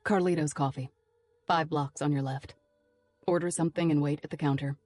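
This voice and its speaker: A woman's voice: sits low, fairly even intonation, a little fast, darkish tone, voice pushed down. A woman voicing a male kidnapper who gives short, cold commands by text. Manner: curt, commanding. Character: menacing male kidnapper sending cold texts.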